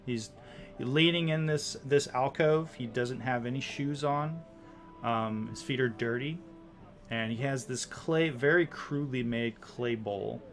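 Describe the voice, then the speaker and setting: A man's voice: medium pitch, measured pace, soft background music. A man running a tabletop game as dungeon master, narrating scenes in a loose, descriptive way with many likes and ums.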